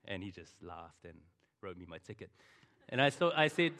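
A man's voice: medium pitch, sing-song, moderate pace, a bit bright. A middle-aged man preaching a sermon as a pastor, telling a personal story in a conversational way and turning to the congregation with asides. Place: church hall. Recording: long reverb of a large hall.

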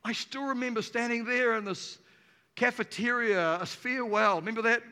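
A man preaching an energetic sermon to a congregation in a church auditorium, emphatic and playful. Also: very high-pitched, moderate pace, clear, resonant tone. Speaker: pastor. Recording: reverberant hall.

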